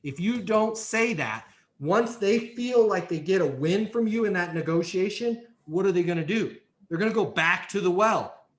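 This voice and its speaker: A man with a high-pitched, animated voice at a moderate pace guests on a podcast. He teaches leasing sales step by step with emphatic, hands-on coaching, including acted-out role-play examples.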